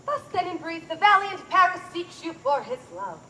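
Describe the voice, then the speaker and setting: A woman playing a formal, commanding noblewoman mother, with a measured verse delivery in outdoor Shakespeare stage acting. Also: very high-pitched, big pitch swings, bright, forceful tone, a little hiss or hum, full character voice.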